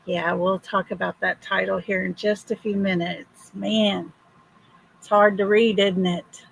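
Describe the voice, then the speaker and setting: Older woman, hoarse livestream host: slow, gravelly, husky. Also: medium pitch, level tone, a little hiss or hum, low-quality recording. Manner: slow, friendly greetings to viewers. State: hoarse from illness. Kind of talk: casual livestream chat.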